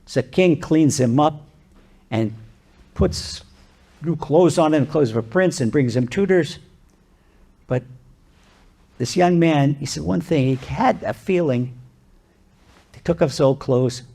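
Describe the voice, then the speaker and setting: Gravelly-voiced rabbi telling a story. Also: male voice, fairly high pitch, a little slow, pauses often. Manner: animated, conversational, frequent restarts. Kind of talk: sermon with parable storytelling. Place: lecture venue.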